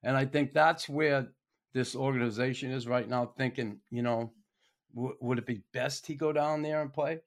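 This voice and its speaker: Middle-aged male hockey commentator, casual monologue, salty and folksy, average pitch. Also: steady tone, normal speed. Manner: blunt, folksy, swears freely.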